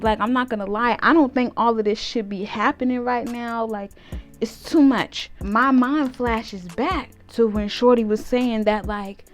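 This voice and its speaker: A young woman vlogger telling a storytime tale in casual slang, animated and laughing, breaking into loud shouted reenactments. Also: a little high, a little slow, faint music behind. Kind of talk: storytime vlog.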